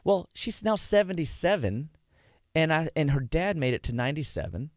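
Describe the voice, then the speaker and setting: A man's voice: on the high side, normal speed, no room sound, studio quality. A man guesting on a radio show, talking casually about heart health and acting out stories of his patients. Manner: animated storyteller, acts out quotes.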